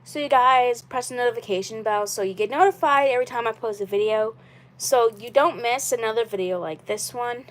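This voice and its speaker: Woman, live stream host, casual chat, rambling, repetitive, somewhat high voice. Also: brisk. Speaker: channel host.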